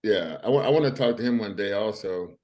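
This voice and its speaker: A male co-host chatting candidly and excitably. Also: on the low side, brisk. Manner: candid, excitable, laughs easily. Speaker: podcast co-host, former bodybuilder. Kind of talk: casual interview chat.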